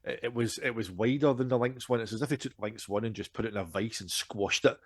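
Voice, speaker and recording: A man, telling a lively, self-deprecating story on a casual podcast. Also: medium pitch, fast, no echo, clean studio sound. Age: 40s. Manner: animated, self-deprecating, frequent restarts and laughter. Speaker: podcast co-host.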